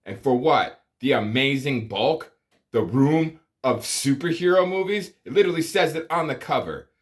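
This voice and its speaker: A man's voice: medium pitch, animated, moderate pace. A man giving a profane comedic movie review, exasperated and ranting, with sighs and groans of disbelief. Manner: exasperated, swearing, sighing rants.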